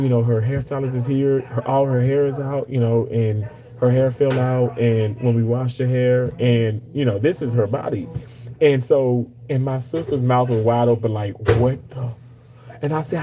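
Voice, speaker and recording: A man in his thirties speaks to his live audience in a relaxed, mellow voice. He tells a personal story in loose, chatty bursts, repeating words for emphasis. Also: mid-range voice, rough recording. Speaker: streamer talking to viewers. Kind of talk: casual live chat.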